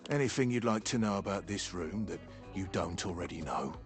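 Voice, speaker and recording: A man's voice: deep voice, lively intonation, fairly quick, soft background music. An actor voicing a cheerful, chatty male talking door in a video game, polite and jokey. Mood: jovial.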